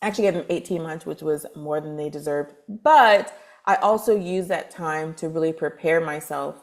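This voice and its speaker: A woman from Texas, a spiritual advisor guest, telling her story in a chatty, lively podcast interview with lots of fillers. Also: sits low, normal speed. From Texas, USA.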